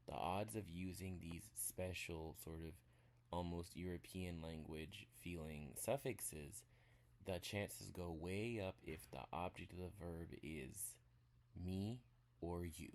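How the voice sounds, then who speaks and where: A man giving a casual spoken language lesson, walking through examples step by step in a relaxed way. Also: deep voice, slow. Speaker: language teacher.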